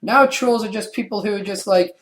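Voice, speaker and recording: A man's voice: high voice, fairly quick, a bit bright. Brash sweary young man, co-hosting. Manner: brash, sweary, self-mocking. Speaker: co-host. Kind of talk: casual podcast banter.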